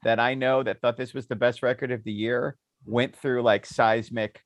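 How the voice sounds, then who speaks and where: A podcast co-host trades stories in a laid-back conversation, animated and quick to laugh. His voice is mid-range and moderately paced, captured without echo.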